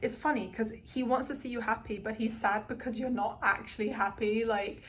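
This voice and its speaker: A woman's voice: a little high, fairly even intonation, normal speed, fairly bright tone, slight background noise. A woman giving a pick-a-card tarot reading to her viewers, earnest and emotional, rambling with lots of "um" and "like". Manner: rambling, full of "um" and "like".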